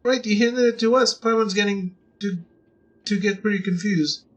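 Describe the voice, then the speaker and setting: A man putting on a squeaky excitable little companion girl. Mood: surprised. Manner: quick, exclaiming, speaks of herself by name. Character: small excitable female floating companion. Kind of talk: reading game dialogue aloud.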